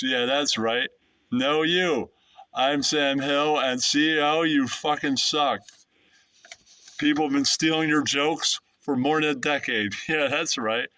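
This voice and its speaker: A New man hosting his own YouTube show, slinging crude roast insults. His voice sits a little high, and he keeps laughing at his own jabs. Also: fairly even intonation, takes it slowly, sharp tone, no echo, distant mic. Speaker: YouTube host. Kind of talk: casual roast rant and street interview.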